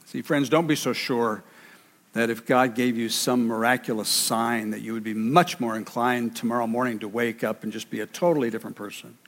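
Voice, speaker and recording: A man's voice: medium pitch, steady tone, a little fast, a bit bright. A man preaching a sermon with emphasis, repeating key phrases for weight. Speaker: pastor. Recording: reverberant hall.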